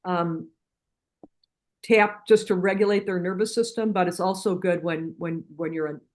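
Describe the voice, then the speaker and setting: Her voice is fairly low and her pace moderate as she chats in an interview about the methods she uses at a healing center, where she's a guest practitioner. The middle-aged woman is earnest, keeps restarting sentences, and retells dialogue in a lively way.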